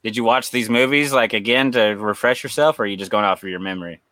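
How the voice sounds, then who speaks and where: A man's voice: medium pitch, quick pace, pushed and bright, no echo. A man co-hosting a horror podcast, chatting casually with wry, profane jokes. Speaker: podcast co-host. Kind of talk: casual chat.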